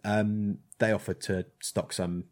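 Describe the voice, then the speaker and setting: A man with a fairly low voice chats casually about his craft as a blacksmith. He rambles, trails off and restarts with plenty of ums, in a relaxed conversational way. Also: takes it slowly. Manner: rambling, hesitant with many ums. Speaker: blacksmith, guest. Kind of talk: casual chat.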